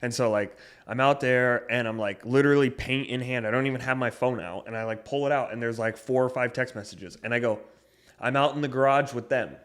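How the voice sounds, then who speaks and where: A young man co-hosting a podcast, rambling through a story with lots of swearing and getting loud when riled up. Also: mid-range voice, fairly even intonation, brisk. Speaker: podcast co-host. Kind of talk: casual chat.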